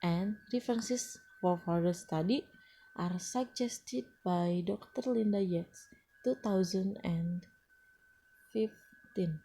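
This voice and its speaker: Woman, non-native English teacher, slow halting lecture delivery, mellow tone, faint room hiss. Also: medium pitch. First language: Indonesian. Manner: slow and hesitant, frequent uh fillers and restarts. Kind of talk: lecture presentation.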